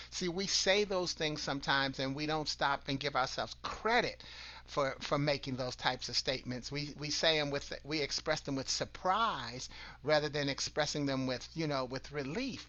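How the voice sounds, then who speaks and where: This man hosts an online broadcast, giving an earnest motivational talk rooted in scripture. His voice is fairly high and sharp at a normal speed, and he often repeats and restarts words while posing questions to listeners.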